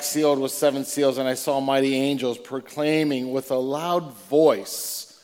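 A man with a somewhat high voice reads scripture aloud to a congregation, slowly and deliberately. His words ring out with the long reverb of a large church hall. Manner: reads slowly and deliberately, breaking in with excited asides. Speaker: preacher. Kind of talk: scripture reading with sermon asides.

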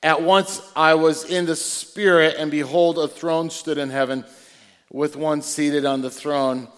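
A male preacher reading scripture aloud in church, slow and deliberate, with excited asides to the congregation. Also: fairly high pitch. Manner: reads slowly and deliberately, breaking in with excited asides. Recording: long reverb of a large hall.

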